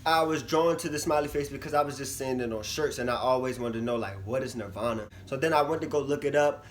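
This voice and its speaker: A young man vlogging casually to camera, chatty and animated, his voice swinging from loud bursts to low mumbles. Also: quick pace, slight background noise. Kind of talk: casual vlog talk to camera.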